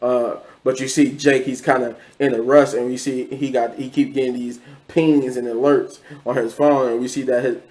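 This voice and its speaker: A man's voice: medium pitch, darkish tone, rough recording. A man casually recapping a TV episode, rambling, with many restarts and quoted lines. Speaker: show reviewer.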